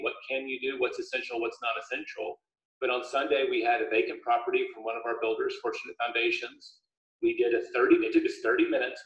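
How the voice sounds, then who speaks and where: A man, an author speaking as a guest, chatting casually on a video call with a steady, upbeat, explanatory manner. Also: medium pitch. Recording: echoey room, dull lo-fi audio.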